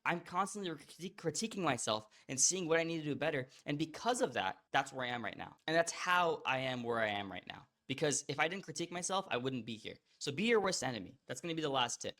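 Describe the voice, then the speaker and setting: A young man hosting an online course, talking casually and bluntly to the viewer with quick restarts. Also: a little high, lively intonation, bright, forceful tone. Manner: blunt, fast, repetitive restarts, addresses viewer as bro. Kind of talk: casual direct-to-camera teaching.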